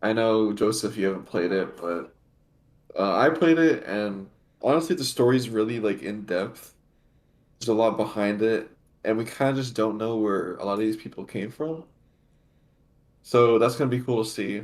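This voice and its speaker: A young man co-hosting a casual podcast, blunt and joking with a deadpan delivery. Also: fairly low pitch, moderate pace. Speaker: podcast co-host. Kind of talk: casual chat.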